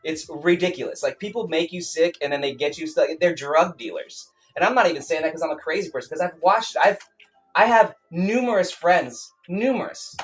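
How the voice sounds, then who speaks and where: A man's voice: a little high, normal speed. A man talks on a casual livestream, heated and profane, rambling and restarting his sentences. Faint music plays behind him. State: angry, then calming down. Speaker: streamer, self-published author.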